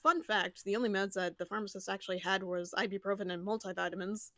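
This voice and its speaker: A woman's voice: mid-range voice, fairly even intonation, fast talker, bright, forceful tone, no room sound. A woman in a game roleplay, telling what happened in a loose, rambling way.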